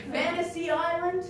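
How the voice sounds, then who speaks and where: A middle-aged woman doing a solo stand-up show, animated, breaking into song and mock voices. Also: very high voice. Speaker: stand-up comedian. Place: theater stage. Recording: distant, echoey stage recording with music.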